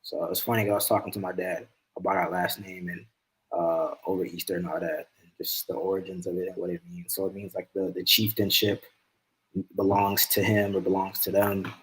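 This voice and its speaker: Male sports reporter from the US, podcast guest, easy-going casual chat, slightly low voice. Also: fairly quick, rough recording. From United States. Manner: relaxed, easy-going, laughs often.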